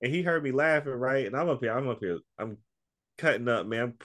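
A man's voice: mid-range voice, animated, brisk, a bit bright. A man guesting on a podcast, chatting casually and telling stories in a laid-back way, laughing often. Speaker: podcast guest and co-host of another podcast. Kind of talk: casual interview chat.

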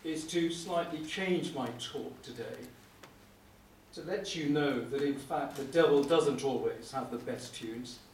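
A middle-aged man, a prosecuting barrister, giving a wry, anecdotal conference lecture with frequent "uh" pauses. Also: fairly high pitch, darkish tone. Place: lecture hall. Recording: echoey room, speaker far from mic, faint hum.

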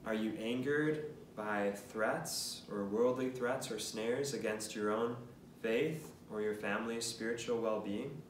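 A man's voice: on the low side, unhurried, a little hiss or hum. Brief: earnest male priest-teacher, chatty and questioning, echoey room, faint ambience. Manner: earnest, casual, filler-heavy explaining with questions to the listener. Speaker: priest teaching a catechesis lesson. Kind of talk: conversational teaching talk. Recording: roomy, mic at a distance.

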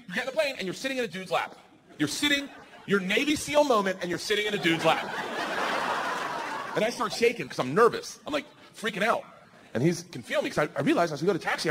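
A man in his forties telling a loud, animated stand-up story before a live audience. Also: sits high, background noise. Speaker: stand-up comedian. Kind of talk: stand-up set.

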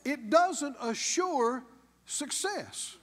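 Male pastor, animated slow preaching, high voice, church hall echo. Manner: emphatic call-and-response preaching. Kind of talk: sermon.

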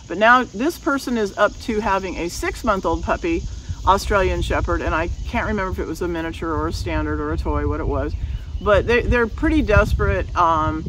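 A woman's voice: on the low side, far from the mic, background noise. A woman dog breeder talking casually to camera outdoors, firm and matter-of-fact, repeating her points for emphasis.

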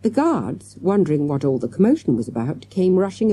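A woman narrating a children's audiobook with lively storytelling and many character voices. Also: low-pitched, a little fast, husky, no room sound.

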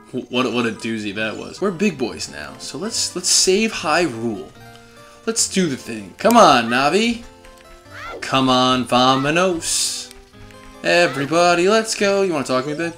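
A young man riffs through a video game with lively, sarcastic commentary. His mid-pitched voice leaps and dips constantly as he scolds the characters. Faint game music plays underneath. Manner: animated, sarcastic, talks back to game characters. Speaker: gaming channel host. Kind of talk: comedic let's-play commentary.

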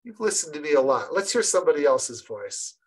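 A woman leading an online training session for early childhood educators, lively and encouraging, often restarting her sentences. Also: low voice, brisk, husky, poor audio. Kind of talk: online professional development session.

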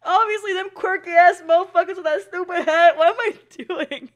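A woman's voice: extremely high pitch, normal speed, highs cut off. A young woman streaming an anime reaction, laughing so hard she cries and mocking herself with plenty of swearing. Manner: giggly, self-mocking, swearing freely. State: laughing to tears. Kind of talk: casual reaction commentary.

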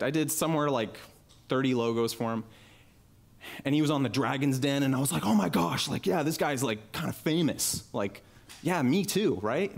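A young man with a medium-pitched voice gives a conference talk into a headset mic before a live audience. He tells a personal story in a lively, casual, animated way, acting out the voices of the people he quotes.

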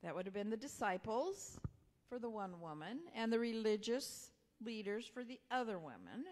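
A woman pastor, telling a personal story in a sermon in a conversational way, sometimes dropping to a soft whisper. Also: a little high, big pitch swings, normal speed. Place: church sanctuary. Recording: long hall reverb.

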